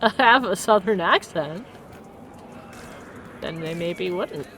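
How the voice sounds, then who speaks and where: A woman streaming a video game, chatting casually, reacting loudly and laughing often. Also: lowish voice, lively intonation, slow pace, a little hiss or hum. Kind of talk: casual let's-play chat.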